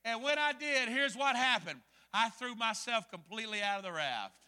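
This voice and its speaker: A man preaching a sermon, telling a story with dramatic swings between hushed and loud delivery. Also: extremely high pitch, animated, normal speed, smooth, in a large hall. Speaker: pastor.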